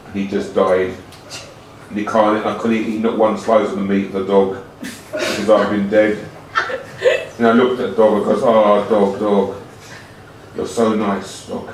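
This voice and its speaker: A man delivering an absurd comic monologue in a slow, rambling, deadpan way with broken grammar, heard from a distance in an echoey room. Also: lowish voice, slight background noise. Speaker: comedian.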